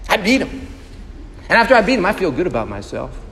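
Pastor, male, high-pitched, emphatic, asks the room questions; long hall reverb. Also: big pitch swings, fast talker, sharp tone, slight background noise. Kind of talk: sermon.

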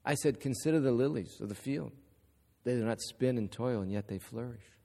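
A man voicing Jesus in a sermon story, speaking softly and tenderly. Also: mid-range voice, moderate pace, creaky, voice pushed down. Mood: gentle. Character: gentle Jesus, calm man speaking kindly. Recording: echoey hall.

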